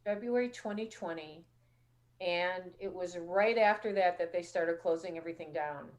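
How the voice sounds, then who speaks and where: A woman's voice: fairly low pitch, normal speed, a little mellow. A woman hosting a casual call-in show, telling stories in a chatty way and acting out what others said. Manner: chatty storytelling, acts out quoted dialogue. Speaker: show host.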